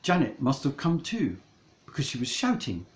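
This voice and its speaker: A man narrating a comic storybook in a mock-dramatic, deliberate way. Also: medium pitch, huge pitch swings, echoey room, a little hiss or hum, rough recording.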